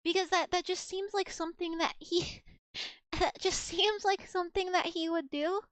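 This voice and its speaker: A woman's voice: extremely high pitch, fairly even intonation, normal speed, a bit bright, no room sound. A young adult woman streaming from home as a VTuber, chatting casually and cooing affectionately at her cat, rambling with restarts. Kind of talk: casual live-stream chat.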